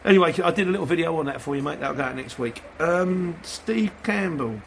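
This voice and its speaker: A man talks in a loose, rambling vlog style, playing out his dealings with customers. His voice sits a little high for a man. There is a faint hum of surroundings behind him. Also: expressive, a little fast, vocal fry, hardly any pauses. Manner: chatty, rambling, acts out exchanges. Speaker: van delivery driver. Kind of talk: casual vlog answering viewers.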